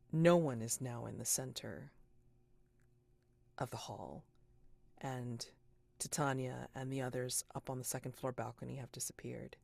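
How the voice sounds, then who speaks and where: Unhurried game master narrating. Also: female voice, very deep voice, gravelly, dry recording. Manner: deliberate, unhurried, dropping to a hush for suspense.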